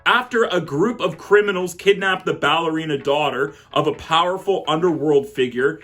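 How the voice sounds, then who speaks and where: A man giving a casual, excitable film review, chatty and quick to laugh. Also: a little high, faint music behind.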